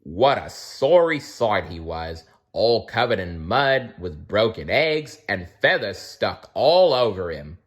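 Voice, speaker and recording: A man reads a children's picture book aloud at a slow, careful pace. His delivery is expressive, with a lively, rising and falling melody. He sometimes stumbles over a word and starts the phrase again. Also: lowish voice. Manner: expressive, with small slips and restarts. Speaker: storyteller. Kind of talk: reading a children's storybook aloud.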